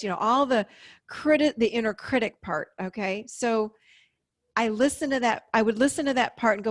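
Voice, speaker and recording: Woman, 50s, therapist guest, animated explainer, higher pitch, dry sound. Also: moderate pace, dry recording. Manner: animated, explaining with acted-out inner voices. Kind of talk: interview conversation.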